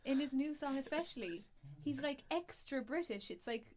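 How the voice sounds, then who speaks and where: A woman's voice: high voice, expressive, normal speed, a little mellow. A woman co-hosting a podcast, chatting casually in a giggly, teasing way. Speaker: podcast co-host. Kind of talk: casual chat.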